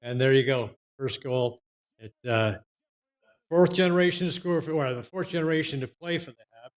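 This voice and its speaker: A man's voice: medium pitch, moderate pace. Male host, casual questioner, everyday mid voice. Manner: conversational, leading questions with fillers. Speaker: interview host. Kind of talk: interview questions.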